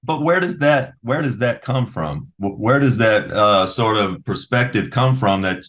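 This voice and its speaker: Very deep-voiced middle-aged host. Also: male voice, expressive, measured pace, a bit bright. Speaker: podcast host. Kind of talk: casual interview chat.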